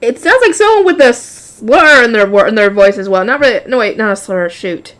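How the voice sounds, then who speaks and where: A woman's voice: a little high, expressive, moderate pace, a bit bright. A woman reading a light novel aloud, often laughing and breaking off to chat with her viewers.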